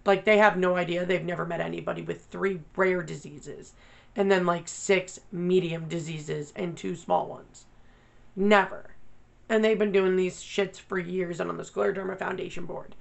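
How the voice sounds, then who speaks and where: A woman's voice: lowish voice, gravelly, low-quality recording. A woman vlogger talking candidly, blunt and profane, venting her frustration. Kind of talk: candid personal vlog.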